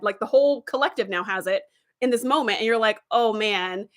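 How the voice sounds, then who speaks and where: Animated, higher-voiced woman chatting about TV. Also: brisk. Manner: animated storytelling with acted-out quotes. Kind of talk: casual enthusiastic chat.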